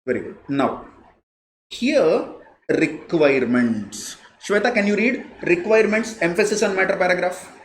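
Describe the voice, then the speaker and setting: A man with an Indian English accent teaches a live class, leaning on his points by repeating them. His pitch swings widely as he stresses words. The sound is roomy and echoey, with a little background hiss. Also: animated, a little slow. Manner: repeats key phrases, emphatic, conversational. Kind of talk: live online lecture. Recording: echoey room, faint noise.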